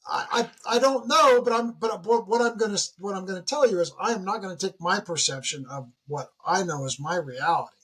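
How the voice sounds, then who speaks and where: Podcast guest, man about 60, husky voice pitched a bit high, animated storyteller who slips into other people's voices. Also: a little fast, few pauses. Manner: animated storyteller who acts out dialogue with big pitch jumps. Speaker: podcast guest, retired military leader. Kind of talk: casual interview conversation.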